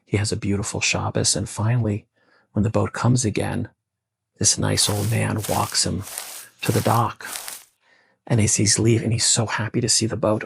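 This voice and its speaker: A man telling a story in a casual, conversational way with asides, his voice gravelly and husky. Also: on the low side, level tone, moderate pace, a little hiss or hum. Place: bungalow colony.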